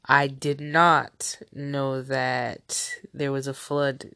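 A woman's voice: rumbling low, level tone, very slow, few pauses, bright, forceful tone, no echo, studio quality. Nasal-voiced woman hosting a solo podcast. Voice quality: nasal from a cold. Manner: rambling, chatty, many fillers. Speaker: podcast host. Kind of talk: casual solo news podcast.

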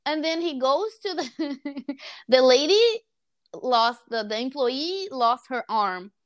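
A woman's voice: high voice, takes it slowly, no echo, clean studio sound. A woman in casual chat, telling a story with lots of laughter and acted-out quotes. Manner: animated storytelling, laughing often, acting out quotes.

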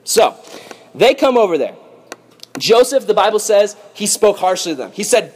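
Brief: male preacher, animated and joking, storytelling with a high voice. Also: normal speed, slightly rough. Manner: animated, playful, jokey. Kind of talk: lively Bible storytelling.

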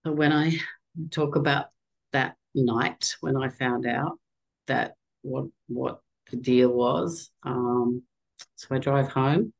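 Slow, gravelly middle-aged woman, emotional. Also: extremely low pitch, steady tone, lo-fi sound. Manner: halting, emotional, restarts often. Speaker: guest. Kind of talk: personal storytelling in conversation.

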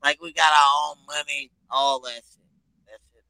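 Casting: blunt joking man, gravelly, sharp and bright tone, dry close sound. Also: a little high, fairly even intonation, normal speed, no room sound, rough recording. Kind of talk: casual chat.

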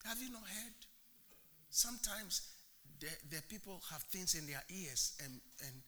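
A male pastor preaching an animated sermon in church, asking the congregation rhetorical questions and swinging from loud to hushed. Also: fairly high pitch, moderate pace.

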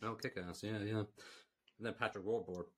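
A very low-voiced Irish man chats casually on a film podcast. He recaps scenes at length and gives blunt, dismissive verdicts. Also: steady tone, brisk. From Ireland. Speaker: podcast co-host. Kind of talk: casual film review chat.

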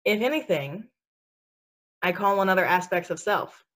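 A spiritual speaker with a medium-pitched, expressive, slightly bright voice talks at normal speed on a casual podcast. She's chatty and sassy about spiritual matters, filling her talk with fillers and frequent laughter.

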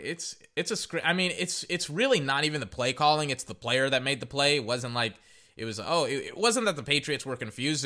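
A man hosting a sports podcast, chatting casually and rambling through play-by-play with frequent restarts. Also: medium pitch. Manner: rambling, restarts, excited outbursts. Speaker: podcast host.

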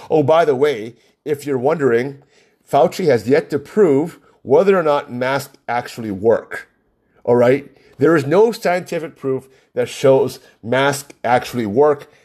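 A commentator in Hawaii rants casually about politics to the camera, his medium-pitched voice a little mellow. He's heated, repeating words for emphasis and firing off rhetorical questions.

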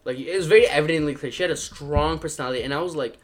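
A young man with a slightly high voice talks very fast over faint background music, casually recounting a personal story. He rambles, leans heavily on fillers like "like," and acts out the voices in quoted dialogue.

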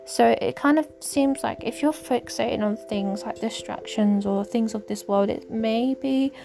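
A woman hosting a casual faith podcast, talking in a rambling, hesitant way with many pauses and fillers. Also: fairly high pitch, mellow, a little hiss or hum. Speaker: podcast host. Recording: music clearly underneath.

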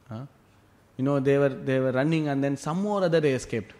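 A man giving a devotional class who retells a scripture story with lively asides, often tossing in "you know" and "huh?". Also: medium pitch, a little fast.

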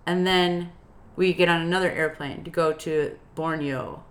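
A young woman co-hosting a podcast, telling a travel story in an animated, chatty way with bursts of laughter. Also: fairly low pitch, unhurried. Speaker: podcast co-host. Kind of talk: casual chat, storytelling.

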